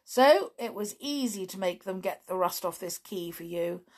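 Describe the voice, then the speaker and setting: A woman's voice: medium pitch, animated, moderate pace, darkish tone, close to an everyday voice. A woman voicing a bold, hearty male wooden soldier captain in a children's story.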